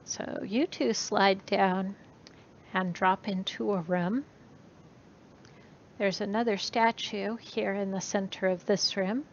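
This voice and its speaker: A woman narrating as game master of a tabletop game, unhurried and using many fillers. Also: fairly even intonation. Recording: muffled recording with faint rumble.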